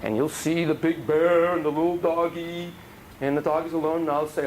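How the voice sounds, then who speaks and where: A man's voice: fairly high pitch, moderate pace, a little hiss or hum, poor audio. A man giving a casual, joking lecture on child psychotherapy to a class, acting out dialogue in different voices.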